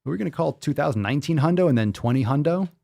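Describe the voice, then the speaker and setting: A man hosting a casual live podcast, loud, joking and full of profanity. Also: a little high, lively intonation, fast talker, creaky. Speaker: podcast host.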